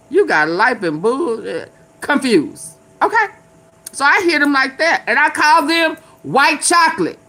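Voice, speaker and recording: A woman's voice: high-pitched, sing-song, a little slow, pushed and bright. An older woman giving sassy, blunt casual commentary in a preachy, repetitive way. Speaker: commentary vlogger.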